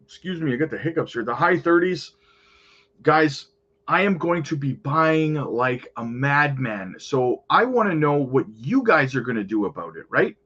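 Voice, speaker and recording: A man's voice: mid-range voice, very animated, moderate pace, fairly bright tone, breathy edge, lo-fi sound. A man hosting a crypto channel, chatting casually over market charts and often calling out to his viewers.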